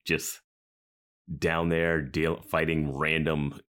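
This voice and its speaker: A man's voice: a bass voice, little pitch movement, slow pace, fairly bright tone, clear, resonant tone. A man co-hosting a podcast, chatting casually with a wry, sarcastic manner. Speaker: podcast co-host. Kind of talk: casual recap chat.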